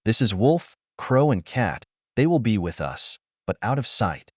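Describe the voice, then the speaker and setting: A sarcastic, eager young boy ninja, read by a man in a low voice. His lines bounce up and down in pitch. The recording is dry and close, with no room sound. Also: sing-song, unhurried, dry recording. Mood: commanding.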